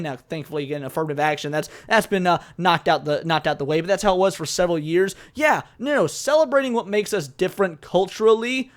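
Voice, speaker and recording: An American man hosting a commentary show, reading an article aloud and reacting with animated, exasperated outbursts. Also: sits high, fairly quick, hardly any pauses. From United States. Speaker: commentary host reacting to news.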